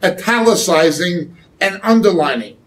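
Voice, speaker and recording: A man giving sermon-style Bible teaching, explaining slowly and often checking with "okay?". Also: high voice, expressive, a bit bright, recorded from a distance, poor audio. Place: church hall.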